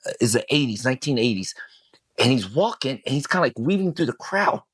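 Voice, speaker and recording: A middle-aged man, a podcast guest, telling a personal story in casual talk, swearing freely and acting out what people said in a raised, animated voice. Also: medium pitch, fairly quick, slightly rough, dry recording, clean studio sound. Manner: animated, swears, acts out quoted lines in a raised voice.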